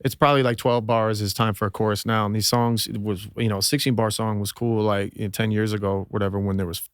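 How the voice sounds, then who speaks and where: A rapper from Minnesota, talking as a podcast guest in a laid-back, loose, profane way. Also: male voice, lowish voice, flat delivery, quick pace, clear, resonant tone, no echo, studio quality. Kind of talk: casual chat.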